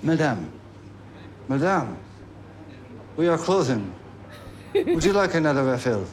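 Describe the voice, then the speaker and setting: An actor playing a stiff male cafe waiter, speaking in a put-on French accent with slow, stilted lines. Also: on the high side, sing-song, a little hiss or hum. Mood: polite. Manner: slow, stilted, wooden delivery.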